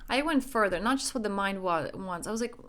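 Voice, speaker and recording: A woman's voice: medium pitch, animated, fairly quick, a bit bright. A young adult woman, a life coach, giving an emphatic motivational self-help talk, acting out her own inner dialogue.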